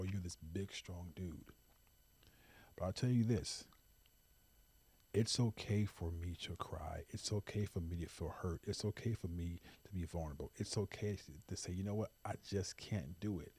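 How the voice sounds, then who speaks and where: With a low, darkish, husky voice, a podcast host gives an impassioned, earnest monologue on his talk show. He pleads with his listeners and hammers points through repeated emphasis.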